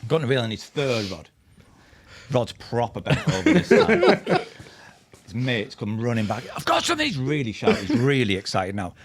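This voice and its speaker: A man with a husky voice, a podcast guest telling funny stories in a lively, laughing way, acting out what other people said. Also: mid-range voice, normal speed. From England. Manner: animated, laughing anecdotes with acted-out quotes. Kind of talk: storytelling chat.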